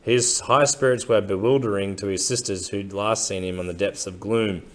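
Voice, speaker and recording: A man narrating a novel chapter in a measured, unhurried storytelling way. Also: fairly low pitch, steady tone. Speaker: audiobook narrator. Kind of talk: scripted narration.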